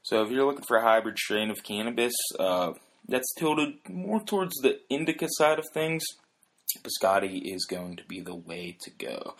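A man's voice: fairly low pitch, fairly bright tone. A man hosting a solo podcast, explaining in a casual, rambling way with many fillers, restarts and "if you will" asides. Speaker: podcast host.

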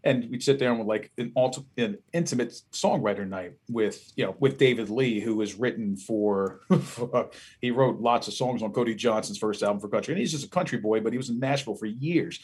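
Husky man with a Philadelphia accent. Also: on the low side, brisk. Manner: profane, animated storytelling. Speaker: band musician guest. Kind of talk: casual podcast conversation.

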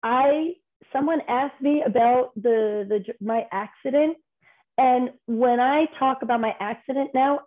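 A woman guest on a podcast, telling personal stories in a candid, rambling way with quick restarts. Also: fairly high pitch. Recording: tinny phone-like line.

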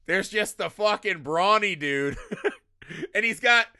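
An animated man with a high, bright voice, swooping in pitch as he retells scenes from a movie. He laughs often and puts on the lines himself. The sound is close and dry. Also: takes it slowly, clean tone, no echo. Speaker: podcast co-host. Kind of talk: casual film-review chat.

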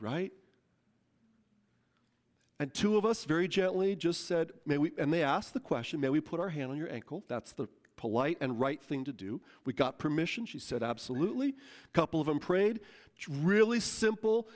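Animated man telling a sermon story. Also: fairly high pitch, normal speed. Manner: animated, conversational, acts out quotes. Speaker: pastor.

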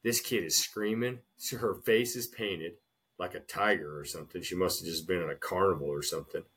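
A man co-hosting a casual podcast, telling a long shopping story in an animated way and often calling his friend "dude.". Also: a little fast, breathy edge. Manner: animated storyteller, swings loud and high acting out scenes, says "dude" a lot. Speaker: podcast co-host.

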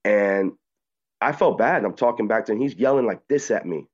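A man with a low voice tells his story in a rapid rush of words and acts out other people's lines. The sound is dull and muffled, as if it came over a call. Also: expressive. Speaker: activist guest. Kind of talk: excited phone-in interview recounting.

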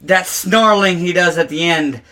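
A young man co-hosting a podcast, talking excitedly about metal music in casual chat, swearing and emphatic. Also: high voice, measured pace, poor audio. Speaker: podcast co-host.

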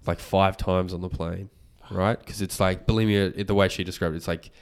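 A man, hosting a podcast and retelling a story in casual chat, animated and swearing freely. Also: deep voice, a little fast, smooth. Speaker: podcast host.

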